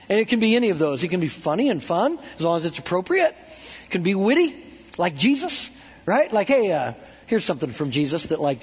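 High, husky-voiced preacher in a big hall. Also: male voice. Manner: chatty and joking, heavy with "like" and "right?". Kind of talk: casual animated sermon. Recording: long hall reverb.

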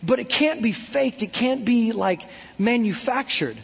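A male preacher with a high, slightly husky voice gives a loose, joking sermon, dropping "like" and "right?" into nearly every line. His words carry a long reverb tail from the large hall around him. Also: animated, unhurried. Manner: chatty and joking, heavy with "like" and "right?". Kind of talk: casual animated sermon.

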